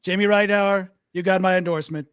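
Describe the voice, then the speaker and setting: A man's voice: high voice, steady tone, fast talker, fairly bright tone, smooth, dry recording. A man doing an impression of a blustering older male politician, repeating himself with boastful emphasis. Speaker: podcast co-host.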